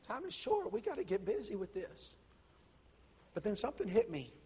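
A male pastor preaching with fervor, his voice sitting fairly high and moving from hushed lines to loud ones as he tells a story. Each line hangs in a long church-hall reverb. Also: big pitch swings, normal speed, husky. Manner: impassioned, swinging from hushed to loud. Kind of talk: sermon storytelling.

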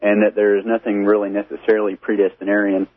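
A man's voice: lowish voice, completely flat delivery, fast talker, dry recording. A man with a Texas accent, calling in to a radio show and asking an earnest question. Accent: Texan. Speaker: caller. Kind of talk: caller question. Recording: tinny phone line.

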